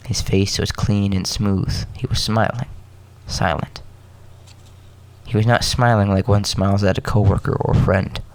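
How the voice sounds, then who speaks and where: Low-voiced man reading a story casually. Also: steady tone. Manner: halting, self-correcting, joking asides between coughs. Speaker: podcast host reading a story.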